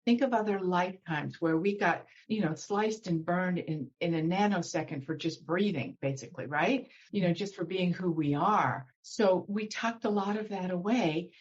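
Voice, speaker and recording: Woman spiritual guide, lowish voice, soothing and unhurried, on a dull lo-fi video call line. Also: husky. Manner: soothing, slows down to guide breathing. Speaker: guest spiritual teacher. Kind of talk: guided meditation and spiritual talk.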